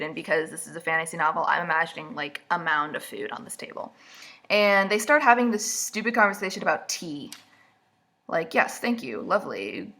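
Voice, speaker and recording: Sarcastic young woman with a bright voice. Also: on the low side. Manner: sarcastic, mocking asides. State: stuffy from allergies. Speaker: vlogger. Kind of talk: casual book recap. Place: indoors, seated at a camera.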